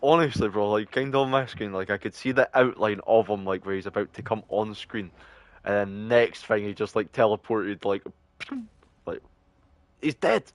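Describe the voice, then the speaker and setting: A male streamer with a fairly low voice chats loosely over his game. He rambles, swears freely and fills every pause with "like". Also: no room sound. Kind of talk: casual chat while gaming.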